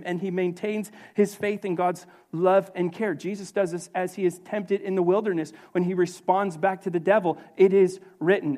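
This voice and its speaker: A man preaching a sermon as pastor, animated and conversational, slipping into acted asides. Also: high voice.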